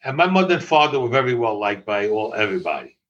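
An older man recounts old stories in conversation, breaking into laughter and cursing freely. His voice sits at a mid pitch. The recording is dull and lo-fi. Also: fast talker. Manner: animated, laughing, swearing freely. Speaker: interviewee. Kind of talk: storytelling in conversation.

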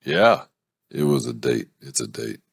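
A man's voice: a bass voice, animated, measured pace, gravelly, slightly rough, dry recording. A man reading a romance novel aloud and often breaking off to laugh, swear and joke about the story. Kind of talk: casual read-aloud with commentary.

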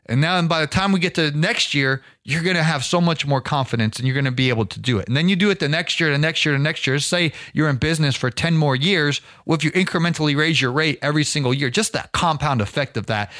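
A middle-aged man hosting a podcast, coaching business owners in an energetic, folksy monologue that often repeats words as he restarts. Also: a little high, a little fast, no echo, clean studio sound.

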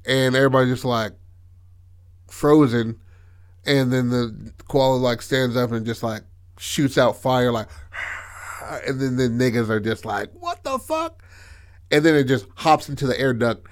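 Male podcast co-host, mid-pitched, telling scenes with lots of swearing. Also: steady tone, normal speed, smooth. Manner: profane, vivid scene-telling. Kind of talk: casual chat, narrating a movie scene.

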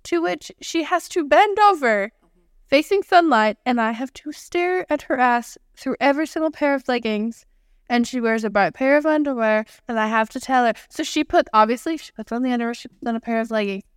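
A woman's voice: high-pitched, a little fast, clear, resonant tone, no echo, clean studio sound. A woman co-hosting a podcast, telling a story in casual, chatty talk with many fillers. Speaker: podcast co-host. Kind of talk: casual chat.

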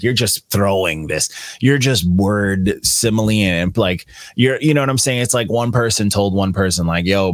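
Deep-voiced young man, slangy and laid-back. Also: no room sound, clean studio sound. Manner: laid-back, slangy, profane, rambling with fillers. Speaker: podcast co-host reviewing albums. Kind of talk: casual chat.

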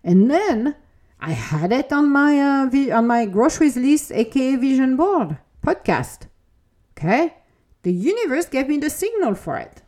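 A woman with a rather high, mellow voice hosts a spiritual self-help podcast. She talks in an animated, swooping way and often slips into the voices of her own inner self-talk. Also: a little slow. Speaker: podcast host. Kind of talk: motivational spiritual podcast monologue.

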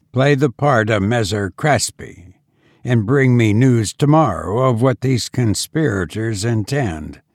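A man's voice: fairly low pitch, no echo, clean studio sound. A man voicing a coldly menacing young duke. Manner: soft-spoken, mockingly calm, slow. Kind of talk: audiobook character voice.

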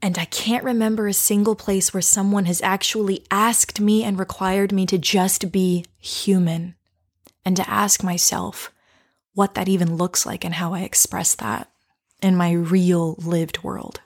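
A woman coach telling a personal story and guiding listeners to reflect, speaking softly and slowly and often dropping to a whisper. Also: mid-range voice, little pitch movement.

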